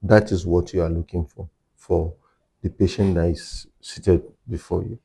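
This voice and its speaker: A man's voice: sits low, steady tone, moderate pace, creaky, dark tone, a little hiss or hum. A man working as a hearing care clinician, explaining in an interview and repeating his key points for emphasis.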